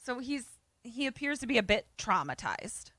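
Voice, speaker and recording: Bright, animated woman podcast co-host. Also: on the high side, normal speed, no echo. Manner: animated, profane, acts out voices. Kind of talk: casual chat retelling a film.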